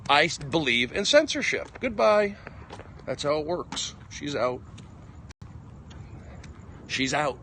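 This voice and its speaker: Male comedian, fairly high voice, excitable rambling phone livestream, faint traffic hiss behind. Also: takes it slowly, long pauses. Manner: excitable, emphatic, jumping between topics. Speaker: stand-up comedian. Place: outdoors on a walk.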